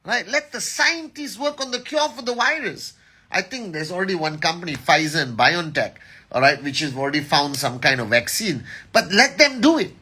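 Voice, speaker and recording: A man's voice: high-pitched, expressive, normal speed, sharp tone, breathy edge. A middle-aged man giving a motivational live address as a company leader, emphatic and rallying, often checking in with "all right?".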